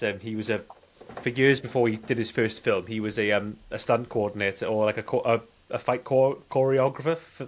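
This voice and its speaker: A man co-hosting a casual movie podcast, speaking bluntly and with strong opinions. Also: medium pitch. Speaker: podcast co-host. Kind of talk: casual movie review chat.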